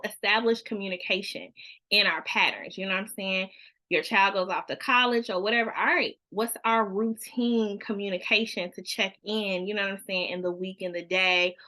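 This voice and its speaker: A woman's voice: mid-range voice, pushed and bright. A woman leading a church youth counseling workshop, chatting casually and acting out parent-child conversations. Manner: frequent "you know what I mean" asides.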